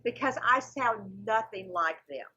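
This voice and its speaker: A woman's voice: mid-range voice, animated, unhurried, bright, forceful tone, breathy edge, lo-fi sound. A woman in her forties with a Southern US accent, chatting animatedly on a comedy podcast. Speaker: comedian guest. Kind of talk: casual podcast chat.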